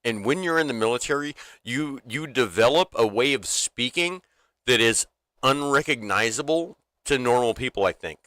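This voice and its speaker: A man's voice: mid-range voice, animated, moderate pace, a bit bright, dry recording. A man co-hosting a livestream in casual, unfiltered chat, rambling with lots of restarts and fillers and swearing freely. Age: adult, former military. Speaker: livestream co-host.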